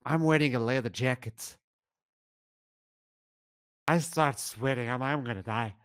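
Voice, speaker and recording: A young man with a Portuguese accent, an esports caster guesting on a podcast, telling an animated story with laughs and sudden shouts. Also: medium pitch, measured pace, clear, resonant tone, no room sound, studio quality. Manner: animated, acts out scenes, laughs often, bursts into shouts.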